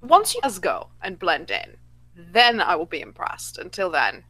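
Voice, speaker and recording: A woman joins a casual podcast with dry, wry remarks. Her voice is bright and lively, moving a lot in pitch. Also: measured pace, low-quality recording. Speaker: podcast co-host.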